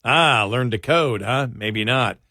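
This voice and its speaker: Speaking at a slow pace with a sharp tone and medium pitch, this overnight radio talk show host reads out a list and swaps quips, talking faster whenever he's irritated. He's captured on a studio microphone in a radio studio, clean and studio-quality with no audible room.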